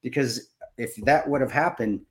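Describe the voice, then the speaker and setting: A man in his fifties co-hosting a podcast, talking emotionally and haltingly with many restarts. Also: medium pitch. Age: 50s. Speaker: podcast co-host. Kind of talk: casual podcast chat.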